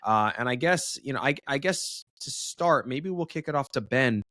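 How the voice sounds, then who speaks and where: Rambling, laughing dad podcast co-host. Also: male voice, mid-range voice, animated, moderate pace, pushed and bright, no echo, studio quality. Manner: rambling, laughs often, many fillers. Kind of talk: casual chat. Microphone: remote call over home internet.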